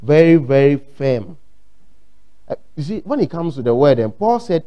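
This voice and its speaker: Man, Ghanaian accent, sermon, higher voice, mellow tone, dull lo-fi recording. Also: big pitch swings, moderate pace. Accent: Ghanaian English. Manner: emphatic, repeats phrases, acts out quotes. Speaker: pastor.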